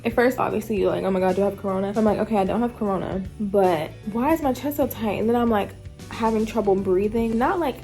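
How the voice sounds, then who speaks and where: A woman's voice: mid-range voice, quick pace, dark tone, soft background music. A woman vlogger telling a story in a casual, chatty way, acting out her own thoughts as she goes.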